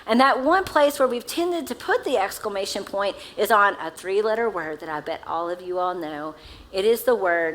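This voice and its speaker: A woman's voice: a little high, a bit bright, a little hiss or hum, poor audio. A woman pastor with a Southern accent, preaching a sermon in a casual, conversational way and asking the congregation questions. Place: church sanctuary.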